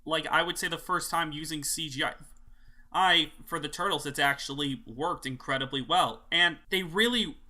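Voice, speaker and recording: Man, co-host, casual chat, very bright voice, slightly high pitch, relaxed. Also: moderate pace. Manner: relaxed, chatty, filler-heavy.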